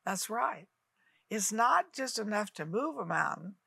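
A woman in her eighties, a TV minister, teaching and praying with fervent, exhorting delivery and sudden rises in pitch. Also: lively intonation, a little slow, gravelly, bright, forceful tone, breathy edge, dry recording, studio quality. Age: 80s. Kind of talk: televised ministry teaching and prayer.

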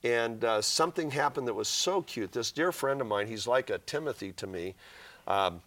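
A man's voice: mid-range voice, lively intonation, normal speed, fairly bright tone. Earnest man telling a faith story. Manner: earnest, reads scripture passages aloud with feeling. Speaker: author and guest.

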